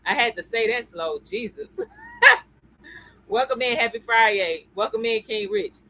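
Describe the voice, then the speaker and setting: A woman's voice: on the high side, big pitch swings, measured pace, a bit bright, rough recording. A woman hosting a live-stream lesson. She talks in a chatty way, greets viewers by name and keeps checking in with "okay?" and "y'all.". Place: at home computer.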